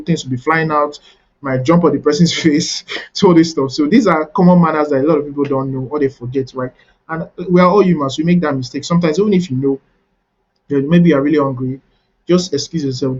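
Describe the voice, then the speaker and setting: A male coach teaching a webinar in an instructive manner, often checking in with "right?" as he repeats his points. His voice sits a little high and has a husky edge. The audio is dull and lo-fi. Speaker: networking coach.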